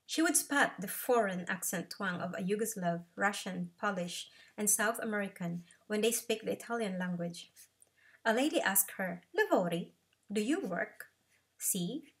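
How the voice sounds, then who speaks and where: Woman reading her memoir, measured pace. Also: medium pitch.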